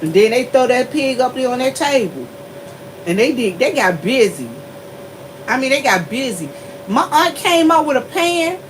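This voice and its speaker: A woman telling a story to her viewers in a casual, animated way. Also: normal speed, noisy background. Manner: animated, laughing often, shifts into high squeals. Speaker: vlogger.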